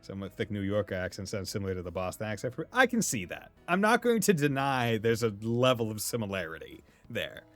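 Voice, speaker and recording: A man from Massachusetts, speaking with the local accent, rambles casually while streaming a game and laughs often. His fairly low voice has a sing-song lilt, and he talks briskly with hardly any pauses over faint background music.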